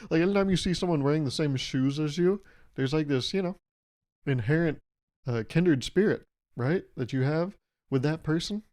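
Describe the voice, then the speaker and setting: A man's voice: on the high side, normal speed, pauses often, darkish tone. A man hosting a solo podcast, talking casually and playfully, acting out imagined conversations. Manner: playful, rambling, acts out imagined dialogues. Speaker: podcast host. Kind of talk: casual comedic monologue.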